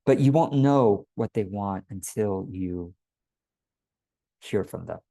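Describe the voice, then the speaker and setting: A man teaches business marketing in an easygoing, conversational way, often slipping into quick acted-out voices of other people. His voice sits on the low side and sounds warm and mellow. The recording is dry, with almost no room sound. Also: lively intonation, creaky, no echo. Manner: conversational, breaks into quoted voices. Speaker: business coach. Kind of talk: casual workshop teaching.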